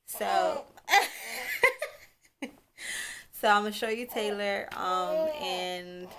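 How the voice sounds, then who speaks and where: A young woman talks straight to her camera in a loose, chatty vlog. She rambles, backtracks and apologizes as she goes. Her voice sits at an ordinary middle pitch, picked up by the camera's own mic. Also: extremely slow, crowd noise. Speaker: vlogger, new mother. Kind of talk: casual storytelling vlog.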